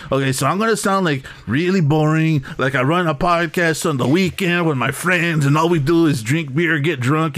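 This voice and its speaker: A man's voice: fairly high pitch, fairly bright tone. A man hosting a comedy bit, talking in a crude, rambling way and laughing at his own jokes. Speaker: comedy host. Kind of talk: improvised comedy sketch.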